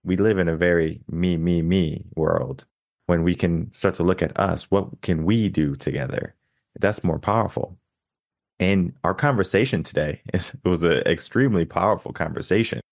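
A man hosting a coaching podcast, speaking in a measured, reflective way with plenty of "you know" fillers. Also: low voice, gravelly, a little mellow, no echo, clean studio sound. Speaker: podcast host.

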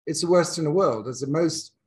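A man with an English accent, voice set a little high, gives a reflective talk as a dean. He speaks candidly and builds his ideas aloud, often pausing and restarting his sentences. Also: darkish tone. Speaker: business school dean giving a talk. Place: in South Africa.

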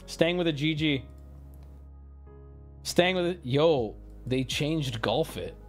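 Animated swearing male streamer. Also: on the high side, measured pace, faint music behind. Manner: animated, swearing, jumps between loud bursts and mumbling. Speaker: streamer opening card packs. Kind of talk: casual live-stream chat.

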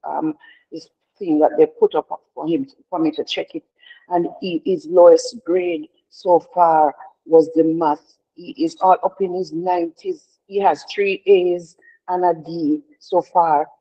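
A woman's voice: lowish voice, fairly even intonation, measured pace, warm tone. A middle-aged woman leading a prayer devotion in an earnest, heartfelt way, often repeating herself and restarting. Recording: dull lo-fi sound.

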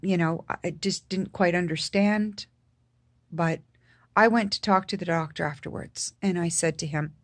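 A woman from Canada with a low-pitched voice tells a painful family story straight to camera. She speaks haltingly, with many fillers and restarts, and grows soft and quiet at the saddest moments. The sound is dry and close. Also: dry recording. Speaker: vlogger. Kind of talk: personal storytelling.

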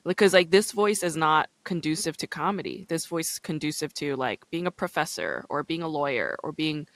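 A woman hosting a casual podcast chat, with a low-register voice and a chatty way of talking full of "like" and "you know". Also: animated, a little fast, no echo. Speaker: podcast host.

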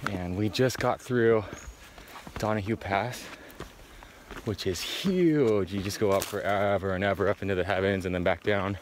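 A man vlogging casually to camera from his van and out on forest trails, excitable and rambling with casual swearing. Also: on the low side, normal speed, a little hiss or hum. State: out of breath while hiking. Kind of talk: casual vlog talk to camera.

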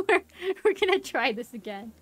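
A woman streamer commentating her own gameplay, excitable and panicky, laughing often. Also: fairly high pitch, normal speed, soft background music. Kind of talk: live game commentary.

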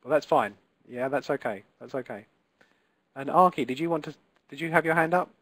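A man's voice: fairly high pitch, a little fast, fairly bright tone, dry recording. A man teaching a live online Italian class, encouraging and patient, pronouncing Italian words carefully for his students.

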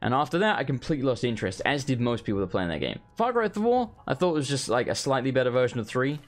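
A man's voice: mid-range voice, sing-song, quick pace. A man giving rambling, casual, sweary commentary while playing a video game. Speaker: gaming host. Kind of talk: casual let's play commentary.

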